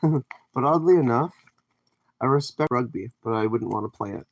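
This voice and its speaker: With an expressive, medium-pitched voice at a moderate pace, a Canadian livestreamer cooks in his home kitchen. He chats casually with viewers, reads out their comments, and rambles as he responds.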